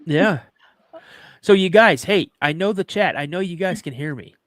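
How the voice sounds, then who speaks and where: A man's voice: high voice, lively intonation, moderate pace, a bit bright, slight background noise. A middle-aged man hosting a live podcast, chatting casually and telling rambling stories. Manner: rambling storyteller, acts out quotes. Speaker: podcast host.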